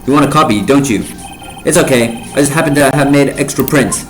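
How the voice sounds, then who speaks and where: A man reading the lines of an excitable, lovesick young man in a video game, eager and stammering as he rushes through them. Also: mid-range voice, over music, close to an everyday voice, rough recording.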